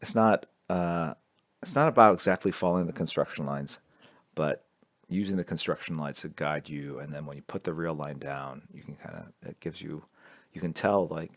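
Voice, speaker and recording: In a live-streamed drawing lesson recorded dry by a camera fixed to his indoor drawing board, a man explains construction lines as he sketches, joking and reading chat aloud. He has a bass voice and speaks at a moderate pace.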